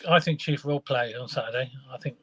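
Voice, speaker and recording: A man's voice: medium pitch, fairly quick, a bit bright, breathy edge. A man co-hosting a football fan podcast, agreeable and asking the others' views. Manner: agreeable, opinionated, asks questions. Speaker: podcast co-host. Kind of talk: casual fan podcast chat.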